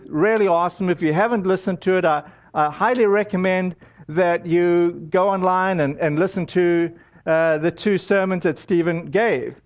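A man's voice: high voice, highs cut off. A man preaching a sermon as pastor, telling stories in a loose, conversational way with many fillers.

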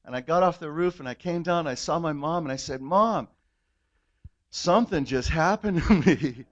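A man's voice: fairly high pitch, moderate pace, muffled recording. Earnest man telling his testimony. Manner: earnest storytelling, voice swells when moved. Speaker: guest giving testimony. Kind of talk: emotional personal testimony.

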